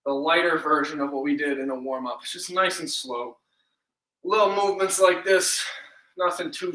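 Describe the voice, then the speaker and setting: A man's voice: on the high side, sharp tone. A man leading a live-streamed workout class, upbeat and encouraging, counting reps aloud and a little out of breath. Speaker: fitness instructor. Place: indoor room, home workout stream. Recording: echoey room, distant mic.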